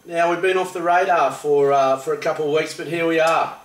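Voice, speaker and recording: A man's voice: on the high side, fairly even intonation, a little fast. A young Australian man co-hosting a casual comedy chat, with dry, laid-back banter. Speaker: co-host. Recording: echoey room, mic at a distance.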